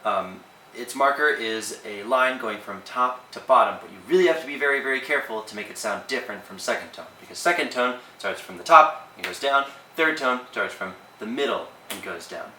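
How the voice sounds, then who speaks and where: Guy walking through a language lesson, bright voice, echoey room, mic kinda far off. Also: medium pitch, a little fast, a little hiss or hum. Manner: relaxed, with frequent ums and uhs. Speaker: language teacher. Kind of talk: casual explanatory lesson.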